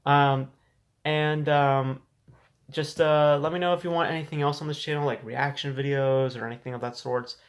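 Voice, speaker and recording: A man's voice: a little high, fairly even intonation, normal speed. Chatty man giving movie news. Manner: conversational, repeats and restarts words, frank opinions. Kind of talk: casual solo movie news commentary. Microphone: desk camera setup.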